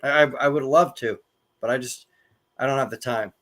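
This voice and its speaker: A man's voice: medium pitch, fairly quick, fairly bright tone. A man co-hosting a casual talk show, friendly as he thanks a guest. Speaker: podcast co-host. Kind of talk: casual chat.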